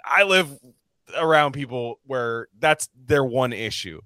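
A man hosts a casual podcast conversation, talking in loose, rambling bursts full of restarts and filler words. His voice sits at an ordinary pitch and sounds dry and close, with no room around it. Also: expressive, a little slow, sharp tone, no echo. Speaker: podcast host. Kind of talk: casual chat.

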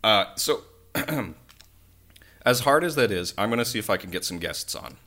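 A sick man hosting a podcast, rambling and joking through his fillers and restarts. His voice sits a little low but swings widely up and down. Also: lively intonation, moderate pace, sharp tone. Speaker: podcast host. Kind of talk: casual chat.

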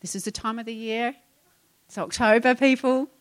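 A woman's voice: fairly high pitch, steady tone, moderate pace. A middle-aged woman preaching a sermon, exhorting her congregation with rhetorical questions. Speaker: pastor.

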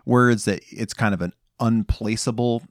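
A man's voice: lowish voice, steady tone, normal speed, no echo, clean studio sound. A man co-hosting a podcast in casual chat, making joking, wry asides. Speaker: podcast co-host.

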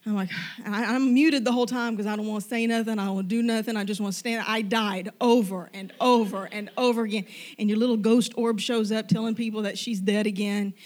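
A middle-aged woman telling a personal faith story, animated and self-deprecating, acting out the lines of the people in it. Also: medium pitch, fairly quick. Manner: animated, self-deprecating, acts out quoted dialogue.

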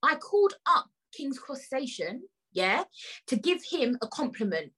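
A woman's voice: high-pitched, sing-song, a little slow, bright, forceful tone, husky, low-quality recording. A woman hosting a podcast, telling a story in an indignant, emphatic way, swearing freely and talking straight to her listeners. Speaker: podcast host. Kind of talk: casual storytelling rant.

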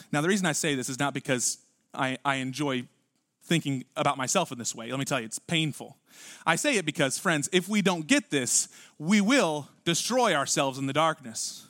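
A man preaching a sermon as pastor, swinging from punchy lines to hushed asides and acting out voices. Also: fairly high pitch, no room sound, clean studio sound. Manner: animated preaching with sudden drops to quiet and acted-out voices.

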